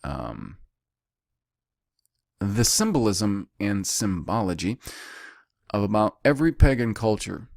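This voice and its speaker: A man teaching a Bible study in a deliberate way. He repeats key words and pauses between phrases. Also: low voice, gravelly, no room sound.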